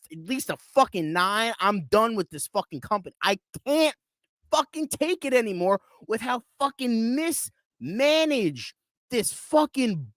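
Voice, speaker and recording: A man's voice: high voice, a bit bright, dry recording. Man in a furious, profane rant. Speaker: movie reviewer. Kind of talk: live online panel talk.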